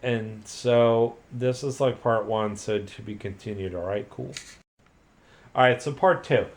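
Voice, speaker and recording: A man's voice: medium pitch, measured pace. A drunk man retelling a story in a loose, rambling way, swearing freely and filling every gap with "like". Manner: loose, profane, full of "like" and restarts. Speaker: host retelling a video game plot.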